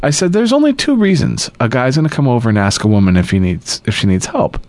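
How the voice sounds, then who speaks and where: Animated profane storyteller man. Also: medium pitch, fast talker, no room sound. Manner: profane storytelling with acted quotes. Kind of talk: casual chat.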